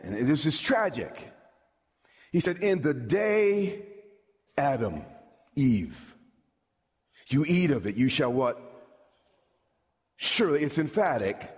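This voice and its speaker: A man's voice: medium pitch, very animated, takes it slowly, long pauses, breathy edge. A middle-aged man preaching a sermon as pastor, emphatic and calling out questions to the congregation. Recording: long hall reverb.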